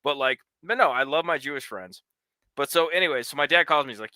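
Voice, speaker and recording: Bright sharp-voiced guy in his 40s, crude brash joking, dry close mic. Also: medium pitch, animated, fast, no room sound. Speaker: co-host. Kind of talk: casual chat.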